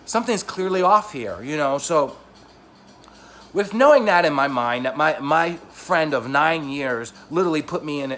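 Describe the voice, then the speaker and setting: A man vlogging a personal story to the camera, talking in an emotional, rambling way that grows heated and loud. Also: fairly high pitch.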